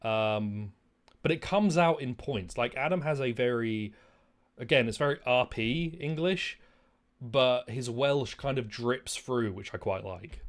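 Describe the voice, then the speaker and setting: In an unhurried, mid-range voice, a man streams a game and chats casually. He's animated and rambling, and he doesn't hold back on the swearing.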